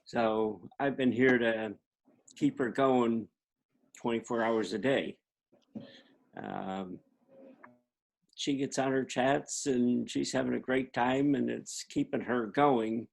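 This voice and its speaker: A man's voice: mid-range voice, fairly even intonation, slow, vocal fry, long pauses, rough recording. A laid-back, plain-spoken man chatting on a video call about caring for his wife. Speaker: care partner. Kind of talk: casual chat on a video call.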